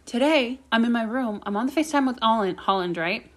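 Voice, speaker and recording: This young woman hosts her own podcast in a fairly high, animated voice, speaking a little fast. She's chatty and casual, hopping from one topic to the next and swearing a lot.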